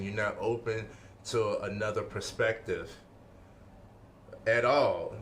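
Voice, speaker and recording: Emphatic low-voiced man teaching. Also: fairly bright tone, a little hiss or hum. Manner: emphatic, repeats points, checks in with "okay?". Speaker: life-skills speaker. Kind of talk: informal motivational lesson.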